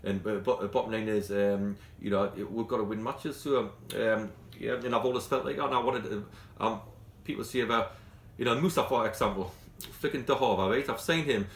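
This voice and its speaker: Blunt, passionate Geordie football manager. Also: male voice, on the low side, a little fast, reverberant. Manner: blunt, passionate, rambling with restarts. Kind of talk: post-training interview.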